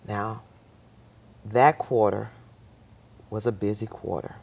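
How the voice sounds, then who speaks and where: Very deep gravelly woman telling her story. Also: takes it slowly. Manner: animated, voices the people in her stories. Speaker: talk show guest; nurse. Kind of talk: personal storytelling.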